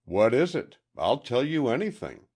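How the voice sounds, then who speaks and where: A man's voice: medium pitch, sing-song, moderate pace, a little mellow, breathy edge, voice pushed up. A man reading an audiobook, voicing an agitated young man pleading urgently for help. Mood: distraught.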